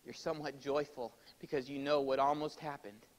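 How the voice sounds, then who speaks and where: A man preaching a sermon to his congregation in a church, swinging between loud, emphatic exhortation and quiet explanation, and calling for amens. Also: mid-range voice, steady tone, brisk, low-quality recording. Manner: addresses congregation directly, calls for amens. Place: church sanctuary.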